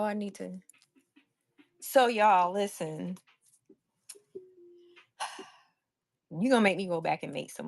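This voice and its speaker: A woman running a casual live stream where she sells handmade crafts. She is loud and excitable and chats with viewers in the chat. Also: medium pitch, creaky, no echo. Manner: loud, by her own word.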